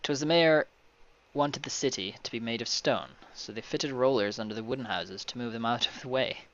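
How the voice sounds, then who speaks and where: A man's voice: mid-range voice, moderate pace, a bit bright, close to an everyday voice. Weary townsman, grumbles in a folksy way, read by a man; muffled lo-fi audio. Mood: grumbling.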